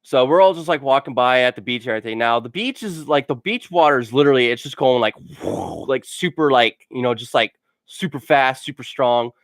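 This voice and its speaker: A man tells his funny stories in a loose, rambling way, with "like" after almost every few words and a laugh at his own jokes. His voice sits at an ordinary middle pitch. It is recorded dry, with no room sound. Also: lively intonation, brisk, no room sound. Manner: rambling, full of "like" fillers. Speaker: gaming channel host. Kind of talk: casual storytelling vlog.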